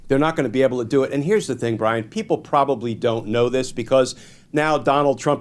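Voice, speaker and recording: A man giving measured, explanatory legal commentary as a guest on a political talk show, stressing key points. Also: medium pitch.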